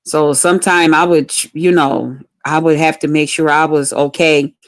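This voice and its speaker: A woman's voice: low voice, little pitch movement, moderate pace. A woman telling a personal story to her livestream viewers in casual, frank talk, cursing freely and speaking straight to the audience. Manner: candid, profane, addresses viewers directly. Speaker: livestream host.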